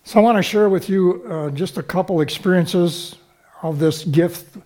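A man's voice: sits high, moderate pace, darkish tone. A man preaching a sermon, teaching from scripture and checking in with the congregation through short rhetorical questions.

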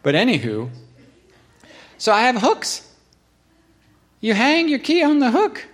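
A man with a high-pitched voice delivers a relaxed, conversational sermon. He tells stories with animated swings between quiet asides and sudden high outbursts, often laughing at himself. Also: takes it slowly. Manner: self-deprecating, laughs at himself. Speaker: pastor. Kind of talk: casual sermon storytelling.

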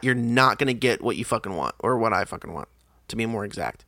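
A man's voice: on the low side, expressive, quick pace, bright, forceful tone, no echo, studio quality. A young man with a casual, profane and exasperated manner, telling a story in a podcast monologue. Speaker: podcast host.

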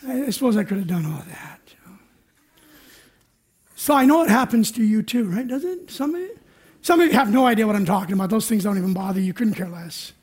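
A man with a very high voice gives a sermon in church. He tells a personal story in a chatty, self-mocking way and acts out his own panic. It is recorded for radio. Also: sing-song, quick pace, pauses often, breathy edge. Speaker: pastor.

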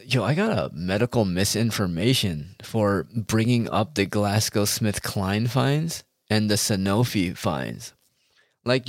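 A man with a lowish voice delivers a heated, rambling rant directly to his audience, swearing constantly throughout the casual monologue. The recording is dry and of studio quality.

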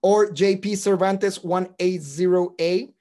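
Speaking in an unhurried, high-pitched voice, this podcast co-host from Puerto Rico swaps lively, profanity-heavy stories in relaxed conversation.

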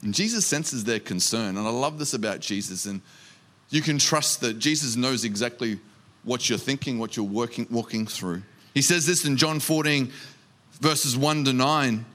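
A man preaching a sermon as pastor, reading scripture and acting out the disciples' lines, slowing down to stress key phrases. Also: mid-range voice, fairly bright tone. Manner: reads scripture aloud and acts out the disciples' lines; emphatic, slows down on key phrases.

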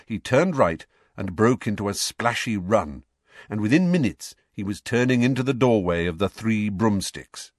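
This audiobook reader tells the story expressively in a fairly low-pitched male voice. He keeps a moderate pace, and the studio-quality recording is dry.

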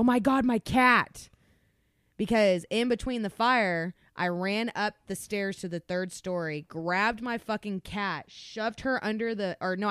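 A young woman on a podcast telling a story in an animated way, swearing constantly. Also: medium pitch, clean tone, no room sound, clean studio sound. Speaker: podcast co-host. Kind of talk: casual storytelling.

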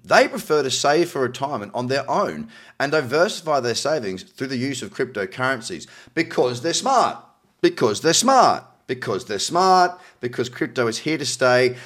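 A man's voice: medium pitch, fairly bright tone. An Australian man hosting a crypto news show, reading articles aloud with cynical, chatty asides. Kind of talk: casual news commentary.

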